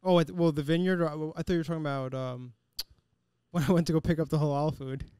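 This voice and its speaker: A man's voice: on the high side, steady tone, brisk, dark tone, smooth, no echo, clean studio sound. A man on a podcast telling a funny story in a loose, laughing way. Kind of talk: casual storytelling chat.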